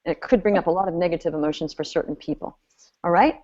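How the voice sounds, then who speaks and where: A woman business coach running an online seminar, animated and chatty, laughing often as she talks. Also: lowish voice, fast talker. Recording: slightly dull lo-fi audio.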